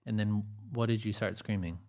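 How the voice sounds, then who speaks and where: A male podcast host asking halting, probing follow-up questions in an interview. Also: lowish voice, steady tone, darkish tone, a little hiss or hum.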